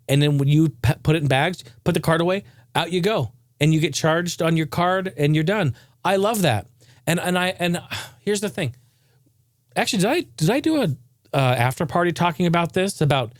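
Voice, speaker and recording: A man hosting his own podcast, ranting casually and swearing freely. His voice sits a little high, and the recording is dry and close. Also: no echo. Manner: profane, ranting, animated. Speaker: podcast host.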